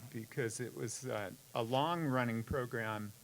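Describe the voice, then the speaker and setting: Male panel moderator, gravelly voice, faint hiss in the background. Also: medium pitch, unhurried, rough recording. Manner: reads prepared questions, brief reactions. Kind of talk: interview questions. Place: convention panel room.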